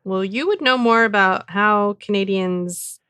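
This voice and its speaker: A woman co-hosting a podcast in casual chat, talking in halting bursts with easy laughter. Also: mid-range voice, bright, forceful tone, smooth, no room sound. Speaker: podcast co-host.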